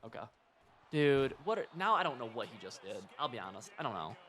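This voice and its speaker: Animated young man commentating his game. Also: mid-range voice, fairly quick. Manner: excitable, talks to himself and the opponent, jumps from mutters to yells. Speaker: streamer playing a football video game. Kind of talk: casual gameplay commentary.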